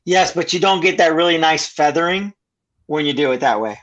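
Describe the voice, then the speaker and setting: Male artist guest, slightly high voice, calm explainer. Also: brisk. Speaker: artist co-host. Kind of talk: casual chat.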